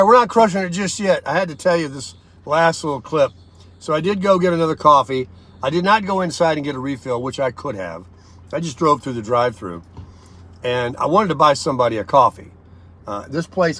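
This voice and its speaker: An older man vlogging from inside a car, telling stories in a rambling, chatty way with lots of pauses and fillers. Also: fairly high pitch, a bit bright. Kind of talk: casual daily vlog chat.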